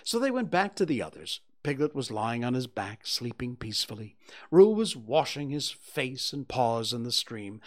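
A man narrating a children's storybook at a gentle pace. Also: mid-range voice. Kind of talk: storybook reading.

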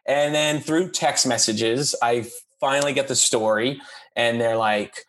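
A man, a podcast guest and actor, telling a rambling comic anecdote in casual chat with lively asides. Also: mid-range voice, unhurried. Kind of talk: casual comedic storytelling.

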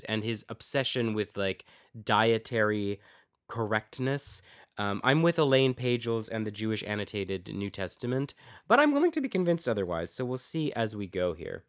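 A man's voice: mid-range voice, a bit bright. Man musing through a scripture lecture. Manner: musing, poses rhetorical questions to listeners; reads scripture aloud with dramatic emphasis. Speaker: podcast host teaching on scripture. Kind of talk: informal lecture with Bible readings.

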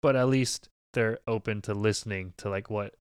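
Casting: easygoing young male student, smooth clear voice, dry close mic, casual conversation. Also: on the low side, steady tone, normal speed, no room sound. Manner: easygoing, laid-back, fillers like "kinda" and "like". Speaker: medical student.

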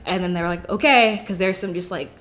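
A woman's voice: fairly low pitch, fast talker, fairly bright tone, a little hiss or hum. A young woman telling a rambling story on a podcast as a guest, packing her talk with "like". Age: young adult. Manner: rambling, fills with "like" constantly. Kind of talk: casual storytelling.

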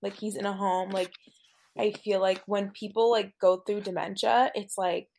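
A woman's voice: medium pitch, flat delivery, moderate pace, gravelly, darkish tone. A woman co-hosting a podcast among friends, giggly and casual, with many filler words. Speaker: podcast co-host.

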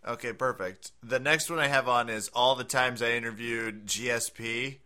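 Bright-voiced podcast co-host, laughing. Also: male voice, mid-range voice, normal speed. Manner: laughs often, jokey. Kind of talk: casual podcast chat.

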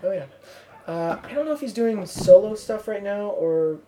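A woman's voice: medium pitch, expressive, normal speed, dark tone. A young woman hosting a podcast, chatting casually and telling rambling stories full of fillers and "like". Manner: rambling storyteller, lots of "like" and fillers. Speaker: podcast host. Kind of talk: casual chat.

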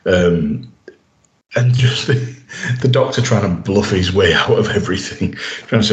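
A man's voice: sits low, moderate pace, highs cut off. A man co-hosting a podcast, eagerly retelling scenes and acting out the quoted dialogue in casual chat. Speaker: podcast co-host. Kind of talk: casual chat recapping an episode. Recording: roomy echoey room.

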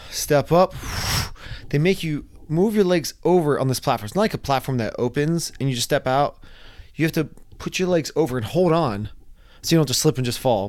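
A young man casually telling a wild personal story, animated, sometimes acting out his own panicked screams. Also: a little high.

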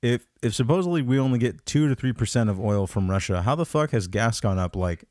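A man hosting a comedy podcast, talking in a rambling, profane, excitable way. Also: medium pitch, fairly quick, no room sound, clean studio sound. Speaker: podcast host. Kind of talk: casual comedic podcast chat.

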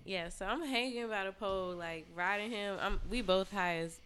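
A young adult woman, a podcast guest, telling an explicit story in casual chat, animated and profane, with lots of "like". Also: mid-range voice, normal speed, a little hiss or hum.

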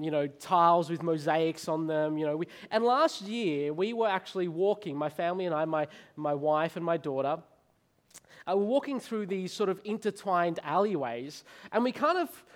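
An Australian man in his thirties delivers a sermon with a fairly high voice. He tells stories with energy and often stumbles and repeats his words. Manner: animated storytelling, stammers and repeats words. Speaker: preacher.

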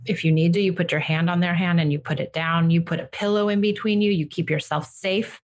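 A woman giving a parent calm, direct advice on handling a child's tantrums. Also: fairly low pitch, normal speed. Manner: direct, reassuring, acts out what to say to children. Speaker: parenting coach. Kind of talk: advice session.

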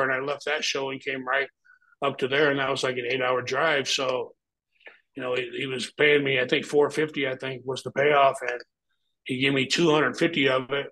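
A man's voice: medium pitch, bright, forceful tone, low-quality recording. A middle-aged man, a former pro wrestler, telling a story as an interview guest in a blunt, heavily profane way.

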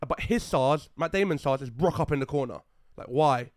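A man's voice: medium pitch, normal speed, no room sound, clean studio sound. A young man, telling a film story in casual podcast chat, acting out the quotes and swearing freely. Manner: animated storyteller, acts out quotes loudly, swears, laughs often. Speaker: podcast host.

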